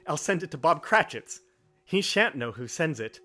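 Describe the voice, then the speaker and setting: A man reading aloud and voicing an elderly miser who has turned giddy and generous, exclaiming with excitement. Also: fairly high pitch, normal speed, soft background music, pitched above the performer's own voice. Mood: gleeful. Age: older. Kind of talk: storybook reading.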